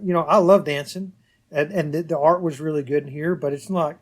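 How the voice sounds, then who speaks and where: A young man co-hosting a casual podcast chat, stumbling over repeated words and growing animated as he retells his reactions. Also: fairly high pitch, brisk. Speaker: podcast co-host.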